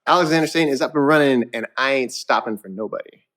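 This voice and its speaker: A young man from Canada, a musician guest in a casual interview, telling animated stories with frequent laughter and casual swearing. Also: medium pitch, fast.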